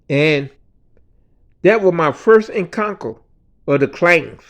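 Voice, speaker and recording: A man telling a personal story in a quiet, low-key way, often dropping to a mutter and swearing freely. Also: lively intonation, takes it slowly, pauses often. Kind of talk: personal story told casually.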